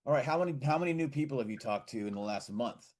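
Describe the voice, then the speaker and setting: A man's voice: mid-range voice, animated, fast talker, crowd noise. A man co-hosting a casual podcast chat, giving blunt, opinionated takes. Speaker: podcast co-host.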